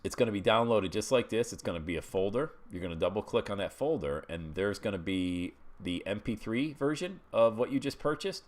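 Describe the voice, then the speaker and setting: A man's voice: lowish voice, lively intonation, brisk, few pauses. A middle-aged man teaching a screen-share webinar, chatty and walking listeners through each step with frequent check-ins. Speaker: webinar instructor.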